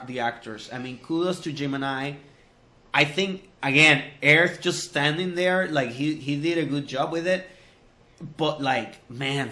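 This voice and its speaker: Male co-host, bright-toned, emotional and halting, reviewing in a roomy space. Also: a little high. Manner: emotional, halting, filler-heavy. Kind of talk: casual review chat. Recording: roomy echo.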